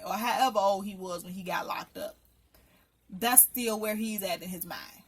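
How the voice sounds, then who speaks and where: A woman's voice: medium pitch, normal speed, slightly rough. A woman recapping a reality TV episode in casual commentary, blunt, profane and indignant. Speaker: reality TV reviewer.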